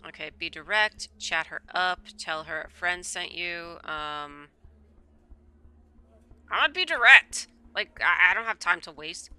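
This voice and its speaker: A woman's voice: lowish voice, animated, a little slow, sharp tone, clear, resonant tone. A woman streamer reading a visual novel aloud, breaking off into rambling asides full of stammered repeats.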